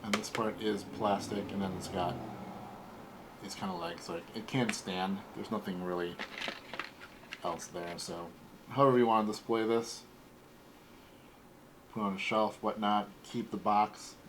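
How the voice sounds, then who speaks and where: A man in his forties hosting a casual toy unboxing, talking in a relaxed, rambling way. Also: on the low side, unhurried, long pauses, background noise. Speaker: toy collector host.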